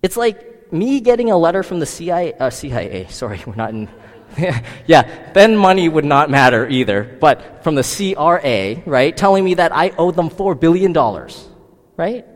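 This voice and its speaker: A man's voice: fairly high pitch, sing-song, normal speed, big-room sound. A man preaching a sermon, asking the listeners many rhetorical questions. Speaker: pastor.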